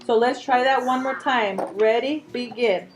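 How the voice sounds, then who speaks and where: Slow, patient woman teacher. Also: on the high side, over music. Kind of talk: classroom instruction. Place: classroom. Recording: faint background noise.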